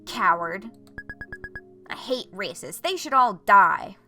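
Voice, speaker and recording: A woman voicing a defiant, hot-tempered teenage girl who protests loudly and indignantly. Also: animated, slow pace, faint music behind. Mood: bitter. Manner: indignant, high and loud.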